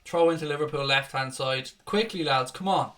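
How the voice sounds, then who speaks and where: A man's voice: fairly high pitch, moderate pace, fairly bright tone. A young man giving live fan commentary on a football match, calling the play and breaking into angry, sweary rants. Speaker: fan watchalong host.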